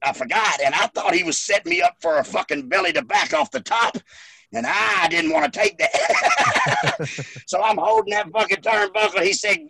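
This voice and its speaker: A former wrestler guest telling profane backstage stories with animated energy. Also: male voice, sits high, normal speed, vocal fry, dry recording. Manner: animated, swearing, laughing through the story. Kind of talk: profane storytelling.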